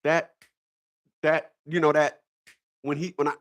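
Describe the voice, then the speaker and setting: A man's voice: a little high, level tone, unhurried. A man hosting a casual livestream talk, rambling, repeating himself and breaking into laughter. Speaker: channel host.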